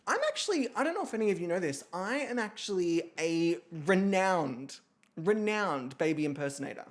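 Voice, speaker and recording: A woman streamer talks casually to her chat, rambling from one thought to the next. Her pitch swings up and down in a lively way, and she swears freely between asides. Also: moderate pace. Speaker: streamer and host.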